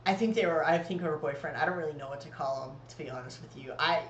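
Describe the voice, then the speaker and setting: A man's voice: fairly high pitch, fast, echoey room, a little hiss or hum, rough recording. A man co-hosting a podcast, telling long, rambling stories full of swearing in casual chat. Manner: rambling, profane, storytelling. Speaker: podcast co-host.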